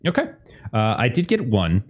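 Relaxed male game master. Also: on the low side, normal speed, slightly rough. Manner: relaxed, repeats words, many fillers. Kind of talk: narrating a tabletop game.

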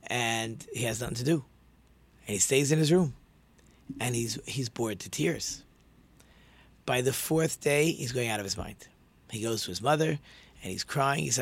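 A man's voice: mid-range voice, moderate pace, long pauses. Man telling a story in a sermon. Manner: conversational, many fillers and restarts.

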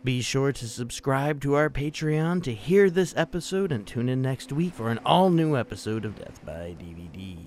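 A man, the podcast's host, reading a deliberate, scripted promo. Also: mid-range voice, lively intonation, darkish tone, slight background noise.

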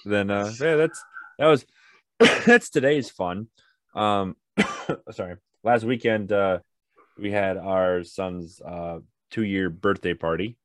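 Deep-voiced young man telling family stories. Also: slow pace, dry recording, studio quality. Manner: animated storyteller, acts out his toddler in high voices. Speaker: podcast co-host. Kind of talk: casual chat.

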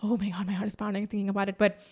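A young woman co-hosting a casual chat, telling a story excitedly, swearing freely and acting out what people said. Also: medium pitch, rapid-fire. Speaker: co-host.

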